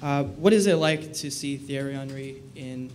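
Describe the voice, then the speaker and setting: A man's voice: medium pitch, moderate pace, darkish tone, slight background noise. A man, a reporter, asking a short, direct question at a press conference.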